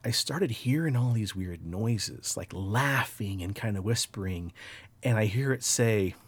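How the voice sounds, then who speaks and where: Low-voiced man telling a casual story. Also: a little slow, breathy edge. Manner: relaxed, profane, animated storytelling. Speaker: podcast host.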